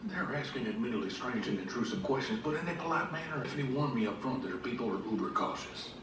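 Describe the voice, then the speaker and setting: A man's voice: mid-range voice, expressive, quick pace, close to an everyday voice. An actor playing a verbose, formal-talking man who speaks in a stiff, overly precise way. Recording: distant, roomy, noisy TV audio.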